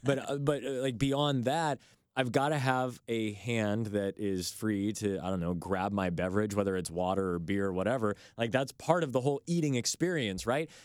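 A man's voice: on the low side, moderate pace, clear, resonant tone, dry recording, studio quality. A man co-hosting a morning radio show, chatting casually with a wry, teasing manner.

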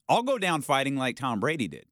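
Man, sports talk host, animated, argumentative, lively pitch, dry close studio sound. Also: a little fast, no echo. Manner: animated, argumentative, acts out quoted reactions. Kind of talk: casual sports talk debate.

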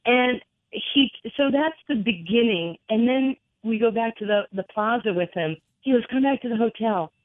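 A woman in her sixties from New York, a former basketball player telling animated stories as a guest, laughing often, heard over a phone line. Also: mid-range voice, dry recording. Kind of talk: storytelling interview over the phone. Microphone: telephone. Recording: tinny phone line, dry.

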